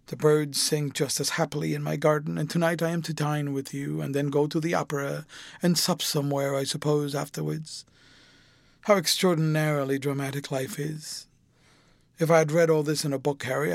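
A man's voice: fairly high pitch, gravelly, no echo. A man reading an audiobook, voicing an anguished, passionate young man with a dramatic, emotional delivery.

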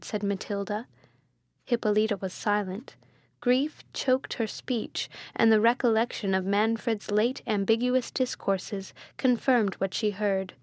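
A woman's voice: mid-range voice, steady tone, normal speed, a little mellow, no room sound, clean studio sound. A woman reading a gothic novel aloud, giving the characters' speeches with dramatic feeling. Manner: dramatic, voicing each character with rising emotion. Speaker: audiobook reader. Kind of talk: scripted narration of a gothic novel.

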